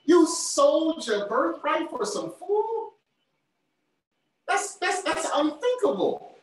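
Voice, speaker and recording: Slow, emphatic male preacher in an echoey hall. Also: very high-pitched, sing-song. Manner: emphatic, repeats key phrases. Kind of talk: sermon. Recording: very echoey, from far off.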